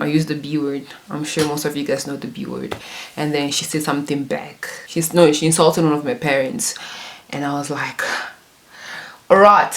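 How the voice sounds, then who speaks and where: A woman in her twenties telling a casual story, chatty and self-mocking, laughing often. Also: sits low. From Congo and South Africa. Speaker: YouTuber.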